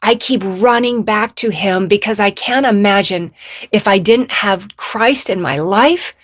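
A woman's voice: mid-range voice, measured pace, no room sound, clean studio sound. Woman telling a heartfelt faith story. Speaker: guest. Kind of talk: emotional personal testimony.

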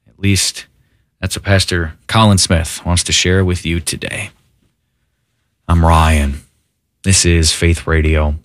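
A man's voice: low voice, little pitch movement, takes it slowly, long pauses, no echo, clean studio sound. A male radio announcer who introduces the program in a friendly, promotional way.

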